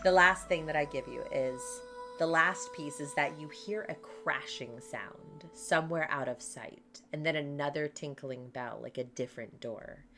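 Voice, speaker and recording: A woman narrating a tabletop game as game master, describing the scene in an unhurried way. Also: sits low, pushed and bright. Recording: faint background music.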